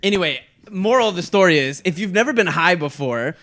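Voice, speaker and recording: A young man from Canada, co-hosting a podcast, who tells a story in casual, animated chat, swearing and laughing as he goes. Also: high-pitched, a little fast. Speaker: podcast co-host.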